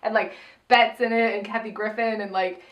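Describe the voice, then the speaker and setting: A young woman co-hosting a casual podcast, talking in a gossipy, animated way and often slipping into quick impressions of other people. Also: medium pitch. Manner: gossipy, animated, quotes others in put-on voices. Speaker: podcast co-host. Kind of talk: casual chat.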